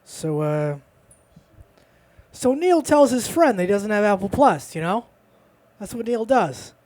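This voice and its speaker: A man's voice: high voice, big pitch swings, a little slow, a little mellow. A man of Dominican background performing stand-up at a bar open mic, bantering playfully and poking fun at himself. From Dominican family background. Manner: playful, self-deprecating banter with the crowd. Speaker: stand-up comedian. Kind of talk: stand-up comedy set.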